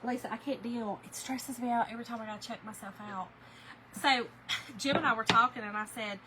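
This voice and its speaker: A woman hosting a crafting livestream, chatting with viewers in an animated, storytelling way while she works. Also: a little high, a little fast, background noise. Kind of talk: casual chat while crafting, reading viewer comments.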